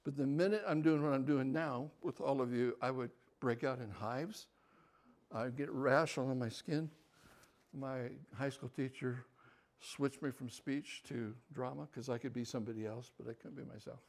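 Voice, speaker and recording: Here a medium-pitched older man talks at a normal speed. Invited as a guest speaker, he shares a story from his own life, lively throughout, dropping into hushed asides before breaking into loud, animated moments.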